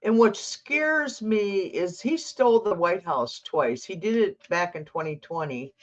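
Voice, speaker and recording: Slow-talking older woman streamer. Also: medium pitch, animated, highs cut off. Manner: chatty, reads out viewer comments, talks to her cat. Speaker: tarot livestream host. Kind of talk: casual livestream chat.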